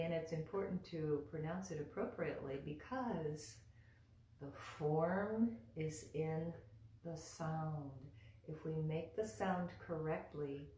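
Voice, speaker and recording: A low-voiced woman leads a live pronunciation lesson, speaking slowly and patiently and repeating each syllable several times. Her voice carries a roomy echo. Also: warm tone, a little hiss or hum. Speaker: mantra teacher.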